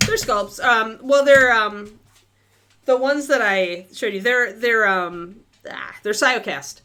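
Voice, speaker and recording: A woman's voice: fairly high pitch, measured pace, bright, forceful tone. A woman hosting a miniature-painting livestream, chatting casually and thinking aloud with many fillers.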